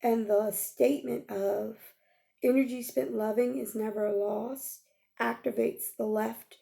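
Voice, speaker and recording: A woman coach guides listeners through a healing exercise, her voice sitting a little high but heavily gravelly with vocal fry. Her tone is mellow and relaxed rather than bright. She speaks gently and coaxingly, drawing out phrases and checking in often with a soft "okay?". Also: takes it slowly. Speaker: life coach.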